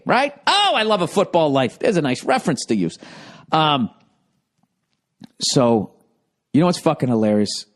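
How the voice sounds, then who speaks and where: A man telling profane, rambling stories on a podcast and acting out the people in them. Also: medium pitch. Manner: profane, animated, acts out quoted voices. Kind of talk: podcast storytelling, rambling monologue.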